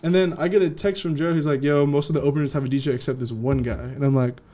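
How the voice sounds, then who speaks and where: A young man from California, a DJ guest telling his story in a casual interview, slangy and animated, acting out what people said. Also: on the high side, quick pace. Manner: slangy, animated, acts out quotes.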